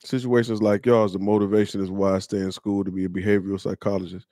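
Earnest low-voiced man telling a story. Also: little pitch movement, quick pace, dark tone, no room sound, clean studio sound. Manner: earnest, conversational, slangy. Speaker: host. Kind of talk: casual storytelling monologue.

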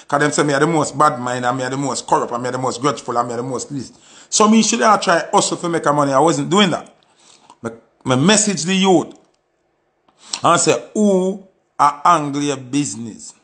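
An artist giving commentary, this man has a slightly high, somewhat bright voice and a Jamaican accent. His monologue pleads passionately and repeats itself a great deal.

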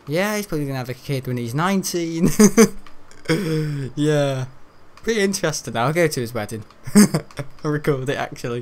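A teenage young man giving rambling, chatty let's-play commentary while he plays, often laughing. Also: fairly high pitch. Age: teens. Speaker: gaming video host.

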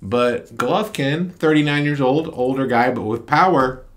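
A man's voice: medium pitch, fairly bright tone. Male boxing talk co-host, emphatic. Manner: emphatic, opinionated, quick asides. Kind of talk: casual chat.

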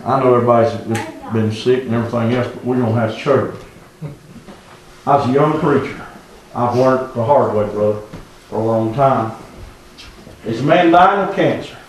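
A man's voice: medium pitch, moderate pace, pauses often, far from the mic, a little hiss or hum. Impassioned preacher man in an echoey church. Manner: impassioned, swings from hushed to near-shouting. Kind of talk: revival sermon. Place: church sanctuary.

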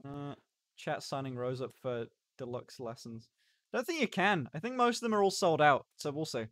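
A man's voice: fairly high pitch, normal speed, a bit bright, dry recording, studio quality. A young man chatting casually on a live stream, rambling and stopping and starting as he reacts to chat. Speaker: livestreamer.

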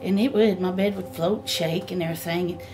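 A middle-aged woman telling a personal story in a halting way, full of fillers and restarts. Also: on the low side, steady tone, over music. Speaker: homeowner telling her story. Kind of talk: emotional personal account.

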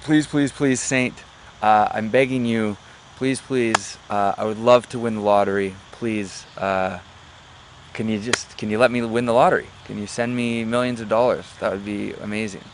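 A man putting on a desperate poor man, begging over and over, voice pushed higher and louder than usual, pleading and repetitive. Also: steady tone, fairly quick, noisy background, natural voice.

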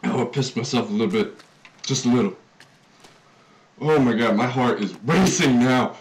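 A man's voice: medium pitch, unhurried, pauses often, distant mic, background noise. A man commenting on a horror game as he plays, jumpy and nervous, swearing and joking through the scares. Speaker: gaming YouTuber.

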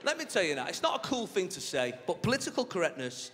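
A man's voice: high-pitched, huge pitch swings, fast talker, over loud music. A man doing a stand-up comedy set on a theatre stage, chatty and cheeky as he tells stories to the crowd. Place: large theatre stage with a laughing audience. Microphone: stage microphone. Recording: live hall reverb with crowd noise.

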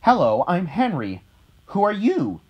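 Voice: medium pitch, wildly swooping pitch, unhurried, highs cut off, background noise, pitched above the performer's own voice. A reader voicing a curious, adventurous city hen in a storybook read-aloud, asking questions eagerly.

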